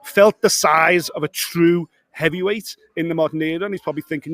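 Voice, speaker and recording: A man co-hosting a fight show as a pundit, analysing in a measured way with frequent restarts over a video link. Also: on the high side, fairly even intonation, a bit bright. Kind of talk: sports punditry.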